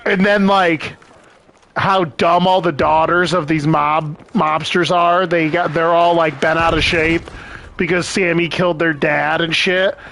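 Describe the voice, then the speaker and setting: A man's voice: fairly high pitch, fairly even intonation, measured pace, vocal fry, fairly bright tone, slight background noise. A young man chatting casually as he streams a game, rambling, swearing and laughing often. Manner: rambling, profane, laughs a lot. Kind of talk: casual chat while gaming.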